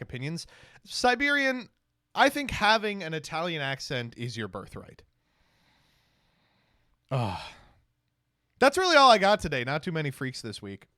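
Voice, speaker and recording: A man's voice: medium pitch, bright, forceful tone, no echo, studio quality. Exasperated, sarcastic male streamer. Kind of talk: casual reaction commentary.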